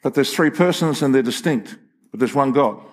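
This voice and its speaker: Older male pastor; animated, humorous preaching with emphatic peaks. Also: mid-range voice, moderate pace. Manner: animated, rising to emphatic peaks, joking with the congregation. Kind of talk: sermon. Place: church hall with congregation.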